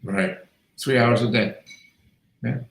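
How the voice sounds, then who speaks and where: Animated middle-aged man in an echoey room. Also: medium pitch, slow pace, creaky. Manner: animated, emphatic storyteller. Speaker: podcast host, doctor. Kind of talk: casual chat, storytelling.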